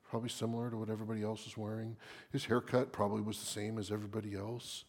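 A man preaching a sermon dramatically, at times dropping into a hushed whisper for emphasis. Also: fairly low pitch, little pitch movement, racing.

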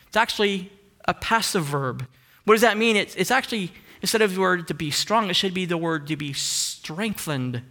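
A man preaching a sermon earnestly, asking rising emphatic questions and dropping into soft hushed asides. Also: sits high. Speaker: pastor.

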